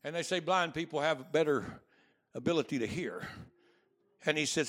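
Male missionary preacher; high, bright voice, storytelling into fervent shouts. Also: animated, normal speed. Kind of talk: sermon.

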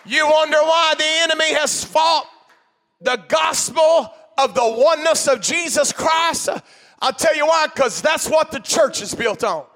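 Male preacher, slow fiery sermon delivery, brilliant ringing tone. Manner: shouting in bursts, call-and-response cadence, drops to low murmurs.

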